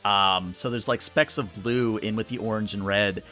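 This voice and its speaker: A man narrating a tabletop game as game master in a relaxed, rambling way with many fillers. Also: fairly low pitch, moderate pace, soft background music.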